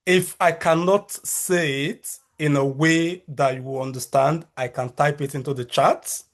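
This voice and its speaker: A man in his thirties with a Nigerian accent, a researcher and lecturer giving a measured conference talk over a video call, with frequent fillers and restarts. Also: on the high side, fairly even intonation.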